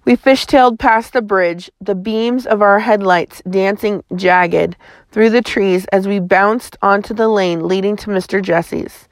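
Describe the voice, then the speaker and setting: A woman's voice: medium pitch, fairly even intonation, measured pace, no room sound. A woman reading a chapter book aloud in a folksy first-person storytelling manner, close to the mic. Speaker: audiobook narrator.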